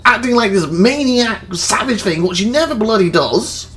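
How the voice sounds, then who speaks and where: A man's voice: high-pitched, lively intonation, moderate pace, fairly bright tone. A young man hosting a let's play, rambling through anecdotes and acting out quotes with laughs. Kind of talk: casual chat over gameplay.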